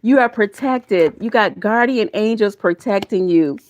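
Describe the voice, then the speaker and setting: A middle-aged woman gives a live tarot reading to her viewers. She talks in a folksy, emotional way and slips into preachy encouragement. Her voice sits at a middle pitch. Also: measured pace, darkish tone. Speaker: tarot reader.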